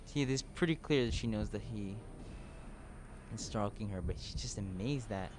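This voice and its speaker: A man's voice: lowish voice, moderate pace, music in the background. Chatty male game streamer. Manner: chatty, laughs often, rambling. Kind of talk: gameplay commentary livestream.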